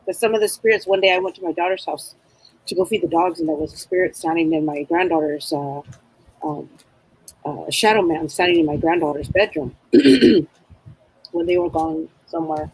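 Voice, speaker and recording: A middle-aged woman giving a psychic reading in casual, rambling chat, with a husky voice. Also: fairly low pitch, a little fast, a little mellow, poor audio. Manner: rambling, chatty, acts out spirits' voices. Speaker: psychic reader.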